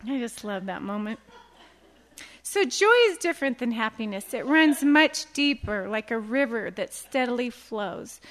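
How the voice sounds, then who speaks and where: Bright, high-voiced woman giving a devotional talk. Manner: earnest, animated storytelling with acted quotes. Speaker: women's Bible study teacher.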